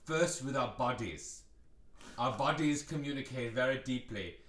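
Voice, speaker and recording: A man co-hosting a comedy podcast, lecturing in a grandiose deadpan way and ending points with a questioning "yeah?". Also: mid-range voice, unhurried, roomy sound, far from the mic. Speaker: podcast co-host.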